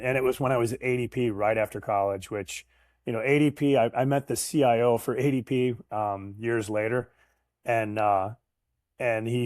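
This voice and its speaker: Middle-aged male guest, anecdotal and animated, dry close-miked sound. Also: on the low side, no room sound. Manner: animated storyteller, acts out quoted voices. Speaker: guest, sales professional. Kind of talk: casual storytelling interview.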